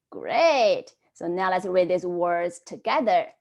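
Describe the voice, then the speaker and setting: A woman teaching an online Chinese class, modelling words slowly and prompting students to repeat them after her. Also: on the low side, gravelly.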